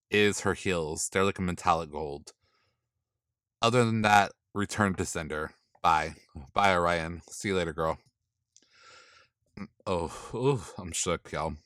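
A man giving sassy, blunt casual commentary, swearing freely and dismissing outfits with drawn-out put-downs. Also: on the low side, bright, forceful tone, dry recording, clean studio sound. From not from the East Coast. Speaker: commentator reviewing drag looks.

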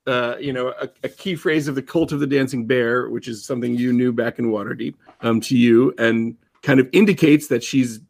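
A man's voice: medium pitch, steady tone, fairly quick, gravelly, few pauses. A man running a tabletop game as game master on a podcast, laughing often and narrating with loose fillers.

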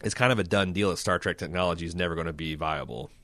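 A man with a fairly low voice chats casually on a podcast, rambling from one thought to the next with plenty of fillers. The recording is dry and close, with no room sound around him. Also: fast talker, dry recording. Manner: rambling, animated, breaks into mocking high-pitched impressions. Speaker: podcast co-host. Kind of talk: casual film chat.

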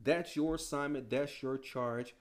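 A man's voice: medium pitch, fairly even intonation, a little slow. A man preaching a sermon in a casual, slangy style, full of rhetorical questions.

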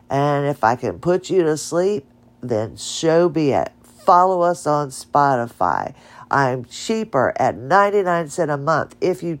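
Slow-talking nasal woman podcaster. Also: low-pitched. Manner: chatty, rambling, laughs at herself. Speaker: podcast host. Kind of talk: casual solo podcast talk.

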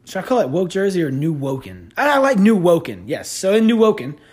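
A man hosting a podcast, telling stories in a sarcastic, animated rant. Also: high-pitched, fairly quick, husky. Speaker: podcast host. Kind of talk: casual ranting commentary.

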